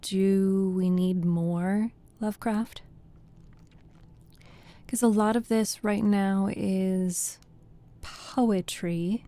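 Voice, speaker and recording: A woman streamer reading bedtime poems in a soft voice, then chatting with viewers in a rambling way. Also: medium pitch, fairly even intonation, extremely slow, long pauses. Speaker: storytelling streamer.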